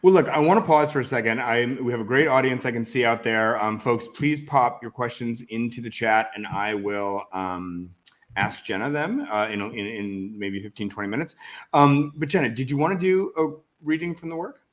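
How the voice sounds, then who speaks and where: A man's voice: mid-range voice, moderate pace. A man hosting an online book interview, chatty and enthusiastic, with lots of filler words. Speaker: host.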